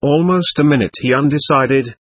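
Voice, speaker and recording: A man reading a classic novel aloud as audiobook narrator, in a measured literary manner. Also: medium pitch, breathy edge, no echo. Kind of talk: scripted narration.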